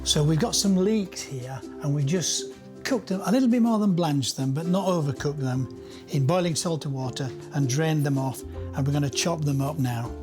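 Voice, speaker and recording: A man's voice: on the high side, moderate pace. An older man demonstrating a recipe, explaining each step plainly. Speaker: chef. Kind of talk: cookery demonstration. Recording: guitar music underneath.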